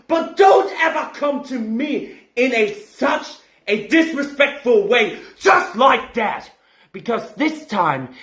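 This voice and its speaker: A German-accented man tears into a wrestling trash-talk promo, his voice pitched unusually high and swinging widely as he shouts and curses. He drags his words out slowly. The recording has a roomy echo. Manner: ranting, cursing, shouting in bursts. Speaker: fan wrestling promo competitor.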